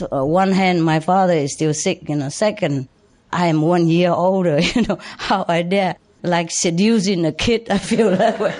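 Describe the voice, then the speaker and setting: An older woman whose first language is Vietnamese, a spiritual teacher telling life stories to followers in a chatty way, laughing often and pausing with many fillers. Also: fairly low pitch, darkish tone. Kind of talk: storytelling talk to followers.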